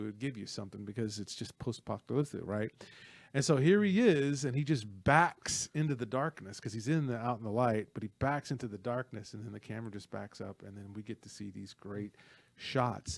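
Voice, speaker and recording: A man co-hosting a casual film talk, retelling a fight scene with lively energy and playful asides. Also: mid-range voice, gravelly, dry recording. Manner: animated storyteller, acts out movie lines. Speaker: podcast co-host.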